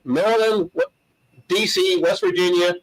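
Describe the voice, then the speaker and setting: A man appearing as a talk show guest, listing items in a halting way. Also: high voice, fairly even intonation, no echo, rough recording. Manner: halting, listing things slowly.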